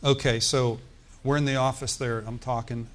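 A man pastor telling a story in a sermon, animated, with asides and quoted dialogue. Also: mid-range voice, moderate pace.

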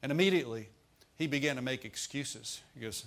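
A man's voice: mid-range voice, fairly quick, gravelly, a bit bright. Folksy male preacher. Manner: folksy, humorous preaching with asides. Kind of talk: sermon.

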